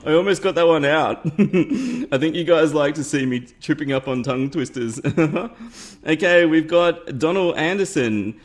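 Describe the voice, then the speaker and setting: A man's voice: on the high side, expressive, unhurried. Upbeat man narrating a game tutorial. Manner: chatty, upbeat, laughs at himself. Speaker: gaming YouTuber host. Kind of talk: casual game tutorial commentary. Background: faint game music.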